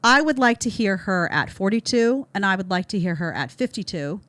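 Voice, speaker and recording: A woman's voice: mid-range voice, lively intonation, moderate pace, a bit bright, no room sound. A middle-aged woman hosting a podcast, reacting to a clip with blunt, emphatic commentary and sarcastic asides. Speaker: podcast host.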